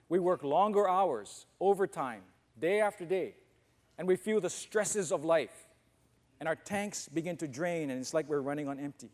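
A man's voice: on the high side, darkish tone. A man preaching a sermon as pastor, speaking conversationally and asking the congregation questions, in a church auditorium. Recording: long reverb of a church hall.

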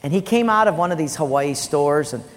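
A man preaching as a pastor, telling personal stories in an animated way and loudly acting out the voices in them. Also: on the high side, a little fast. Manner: animated storytelling with loud acted quotes. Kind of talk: sermon. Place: church sanctuary. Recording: long church-hall reverb, faint music.

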